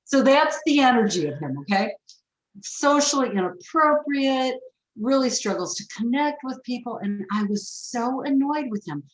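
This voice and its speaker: A woman's voice: a little high, animated, moderate pace, slight background noise. Frank woman telling stories, roomy echo. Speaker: forgiveness expert guest. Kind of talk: storytelling in a podcast interview.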